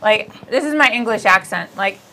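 A woman hosting a podcast in casual comedic chat, rambling, giggly and quick to poke fun at herself. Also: medium pitch, animated, bright, forceful tone, poor audio. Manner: rambling, giggly, self-deprecating. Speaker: podcast host.

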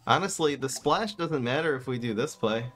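A man giving casual commentary as he plays a card game, swinging between low muttering and exasperated outbursts. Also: expressive, normal speed, fairly bright tone, faint music behind. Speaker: gaming streamer.

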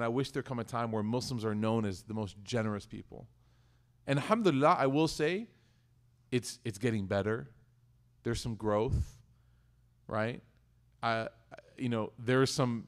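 A man's voice: medium pitch, normal speed. A man leading a community study circle, giving a casual religious talk that mixes teaching with personal stories. He speaks conversationally and jokes, often restarting his sentences. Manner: conversational and joking, with frequent restarts.

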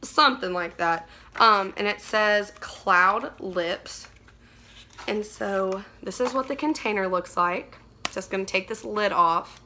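Gushing, excitable young woman. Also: medium pitch, slow, a little hiss or hum. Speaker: beauty vlogger. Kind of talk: casual unboxing chat.

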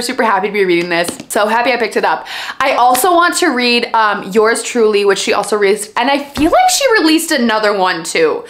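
A woman's voice: medium pitch, a bit bright. A young woman with a Minnesotan accent chatting casually about books, gushing and full of filler words. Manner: gushing, filler-heavy, rambling. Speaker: book vlogger. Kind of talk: casual chat.

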